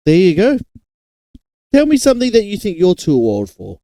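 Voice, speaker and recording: Lively Australian man hosting a chat. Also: sits high, moderate pace, dry recording. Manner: brief agreeing replies and light jokes. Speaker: reaction video host. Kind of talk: casual chat.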